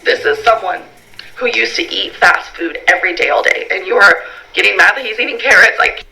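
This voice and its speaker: A woman's voice: medium pitch, expressive, a little fast, vocal fry, sharp tone, rough recording. A woman answering viewer questions in a casual vlog, rambling with lots of fillers and reading the questions aloud. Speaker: vlogger.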